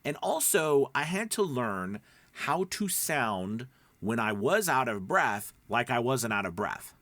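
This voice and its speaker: A man's voice: medium pitch, big pitch swings, takes it slowly, a bit bright, no room sound. A man teaching voice acting in a casual, rambling spoken lesson full of fillers and restarts. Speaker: voice acting coach.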